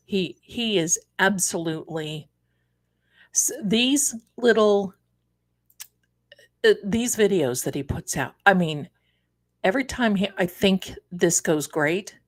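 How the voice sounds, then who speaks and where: A woman hosting a live tarot stream, chatting casually and exclamatorily while fumbling with her setup. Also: mid-range voice.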